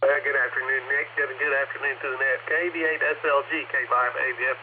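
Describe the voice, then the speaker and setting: A man's voice: medium pitch, level tone, fast. A man from Oklahoma checking in to an amateur radio net, chatty as he tells a light story. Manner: chatty, telling a light anecdote. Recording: tinny radio transmission with clear hiss.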